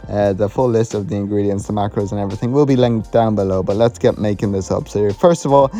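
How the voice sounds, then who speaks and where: Young guy doing a chatty cooking voiceover, mellow voice, faint music under it. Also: on the low side, fast talker. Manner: chatty, joking, informal. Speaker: fitness vlogger. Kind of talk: casual recipe voiceover.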